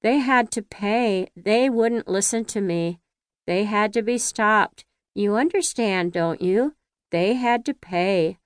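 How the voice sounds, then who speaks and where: A woman reading the lines of a gray-haired elderly woman in shock who mutters slowly and incoherently, in an audiobook. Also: medium pitch, smooth, no room sound, studio quality, natural voice. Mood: dazed. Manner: slow, muttering.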